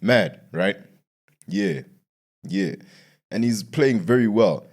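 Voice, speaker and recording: Low-voiced man ranting on a sports podcast. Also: lively intonation, slow pace, a little mellow. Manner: ranting, repetitive complaining with slangy asides. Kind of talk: casual sports talk.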